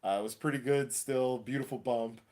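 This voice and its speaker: Man, livestream host, casual chat, excitable, slangy, laughs a lot, mid-pitched voice. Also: normal speed. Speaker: wrestling show host.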